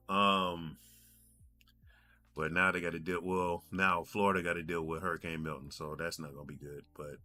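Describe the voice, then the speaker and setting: A podcast host in his forties, speaking in a deep voice with a sharp tone, rambles through a story on his gaming show. It's a casual monologue full of doubling back and repetition.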